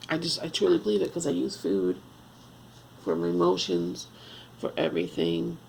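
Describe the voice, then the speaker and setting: A woman in her fifties talking at home in a confessional vlog, halting and earnest, restarting often as she searches for words. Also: lowish voice, vocal fry, a little mellow, slight background noise, low-quality recording. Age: 50s. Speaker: vlogger.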